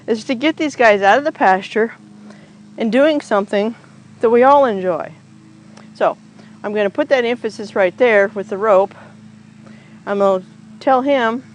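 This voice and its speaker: A horse trainer is outside with a horse, casually describing each step of the groundwork aloud for a camera placed on the ground close by. The voice is medium-pitched and the audio is poor.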